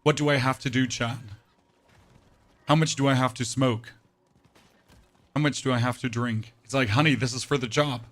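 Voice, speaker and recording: Man with a temporarily deep, rough voice. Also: steady tone, normal speed, pauses often. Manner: banters with chat, reads messages aloud, sarcastic asides. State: voice temporarily deeper and rougher than usual. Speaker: game streamer. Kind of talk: casual livestream chat.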